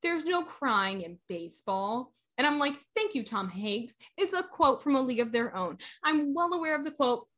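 A woman's voice: high-pitched, very animated, brisk, few pauses, a bit bright. A young woman in casual chat, animatedly retelling a story and acting out the quotes.

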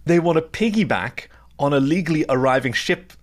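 A man's voice: fairly high pitch, expressive, a little fast. A man co-hosting a podcast, eagerly recapping an episode in casual chat and tripping over his words. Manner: enthusiastic storyteller, stumbles over words.

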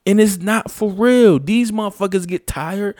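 Clean studio sound with no echo carries a man's high, darkish voice at a normal pace. He's a vlogger on an unscripted rant, profane and blunt, emphatically circling back to the same points over and over.

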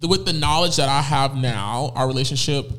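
A man in his twenties chatting candidly and sassily as a podcast guest, telling stories with animated flair. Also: medium pitch, normal speed. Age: 20s. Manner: candid, sassy, animated storytelling. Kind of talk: casual chat.

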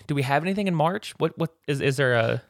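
A man's voice: a little high, expressive, fast, gravelly, no echo, clean studio sound. A man co-hosting a podcast in an easygoing, conversational chat. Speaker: podcast co-host. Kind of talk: casual chat.

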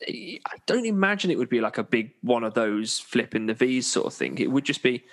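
A man's voice: medium pitch, animated, a little fast, few pauses. A young man from Birmingham hosting a podcast, chatting in a jokey, self-deprecating way. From Birmingham, England. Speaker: podcast host. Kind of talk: casual chat.

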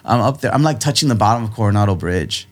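A man, a guest artist, telling a story in casual chat, laid-back and slangy, with lively jumps in pitch whenever he quotes someone. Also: quick pace. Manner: animated, jumps high in pitch when quoting people; slangy, laid-back, says dude and bro a lot.

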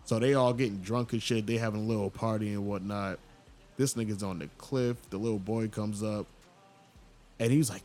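A man hosting a casual podcast, retelling an anime scene in an animated, storytelling way. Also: normal speed. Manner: animated storyteller, jumps into loud high voices for quoted characters. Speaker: podcast host.

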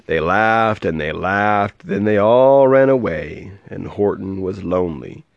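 A man reading a rhyming picture book aloud to a child, with a lively, sing-song delivery and soft asides. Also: low-pitched, unhurried, gravelly, no echo, muffled recording.

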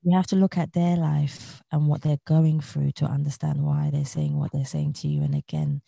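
A woman speaks as an interview guest in an earnest, motivational way, circling back to the same phrases. Her voice is dark and mellow with a gravelly edge. The sound is close and dry, with no room around it. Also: low-pitched, little pitch movement, moderate pace, no room sound. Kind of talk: reflective interview talk.

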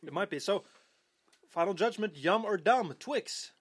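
A man's voice: sits high, animated, unhurried, husky. A man hosting a podcast, chatting casually in a playful, teasing way. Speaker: podcast host.

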